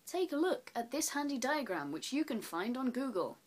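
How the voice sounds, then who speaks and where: A woman from England with an English accent, giving a blunt, sweary, mock-serious explainer to the camera, swinging from high exclaims to low muttered asides. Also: very animated, normal speed. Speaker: vlogger. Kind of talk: sarcastic explainer rant.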